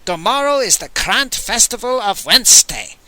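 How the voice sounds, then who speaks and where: Man doing a roaring alien pontiff: high, bright, bellowing. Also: very animated, moderate pace, heavily acted. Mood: blustering. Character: blustering, short-tempered alien high priest.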